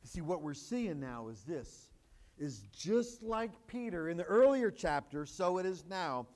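High-voiced man preaching emphatically. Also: very animated, a little slow. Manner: emphatic preaching, rising to loud exclamations; conversational asides and rhetorical questions. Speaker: pastor. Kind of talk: sermon.

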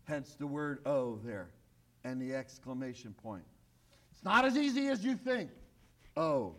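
A male pastor preaching a sermon, emphatic, repeating key phrases and often sinking to a hushed, low voice. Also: sing-song, measured pace.

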